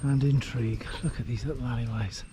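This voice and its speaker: A middle-aged British travel vlogger walks outdoors through village streets, chatting enthusiastically and admiring everything he sees. His medium-pitched voice is steady and fairly quick against a noisy background.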